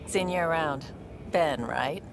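A woman voicing a cool, capable female alien provisioner in a video game, speaking briskly and self-assuredly. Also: deep voice, creaky, exaggerated voice. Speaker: ship's provisioner. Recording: game audio with loud noise.

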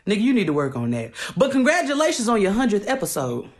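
A man teasing the host about being loud, then congratulating him. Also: high voice, wildly swooping pitch, quick pace, soft background music. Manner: mock-exasperated teasing. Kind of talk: teasing shout-out.

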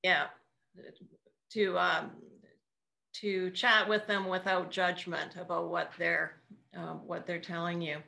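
A woman's voice: on the low side, little pitch movement, takes it slowly, vocal fry, pauses often, sharp tone. A woman hosting a casual interview over a video call, asking thoughtful questions with frequent ums. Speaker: host.

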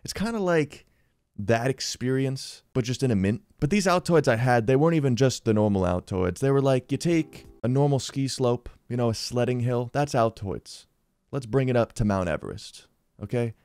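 A man's voice: mid-range voice, moderate pace, smooth, dry recording. A young man telling a funny story in a casual vlog, full of "dude" and "bro". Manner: slangy, lots of "dude" and "bro", animated retelling.

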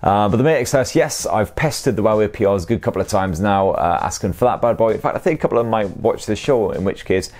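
A man's voice: on the low side, expressive, fast talker, hardly any pauses, darkish tone. A man from Sunderland with a Northeast English accent, hosting a casual tech Q&A with cheeky, sweary jokes. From Sunderland, North East England. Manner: cheeky, sweary, jokey asides. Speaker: tech show host. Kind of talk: casual viewer Q&A.

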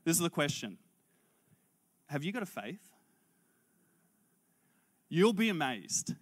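A man, a pastor preaching a sermon through an animated personal story, acting out the conversation. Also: fairly high pitch, slow pace, slightly rough. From Australia. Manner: animated, acts out dialogue in character voices.

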